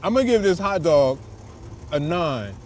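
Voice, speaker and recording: A man's voice: a little high, expressive, normal speed. A man hosting a casual food review vlog, chatting to viewers in laid-back slang outdoors on a windy city street. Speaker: food vlogger host.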